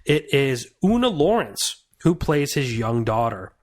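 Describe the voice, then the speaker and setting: A man's voice: medium pitch, very animated, a little slow. A young man giving a casual, earnest film review on a podcast, rambling and restarting his thoughts.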